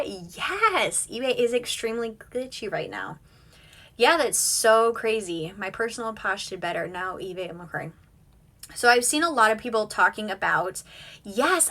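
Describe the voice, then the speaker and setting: Bright, chatty woman in her thirties, casual at-home live host, reads and answers comments. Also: mid-range voice. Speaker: reseller hosting a weekly live stream. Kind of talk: casual live-stream chat. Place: home at night with kids asleep nearby.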